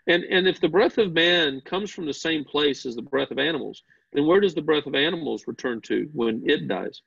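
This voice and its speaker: A man's voice: on the high side, normal speed, gravelly, a bit bright, breathy edge, dry recording, highs cut off. A man teaching a Bible class, explaining step by step, asking the class questions and often repeating words as he starts a sentence.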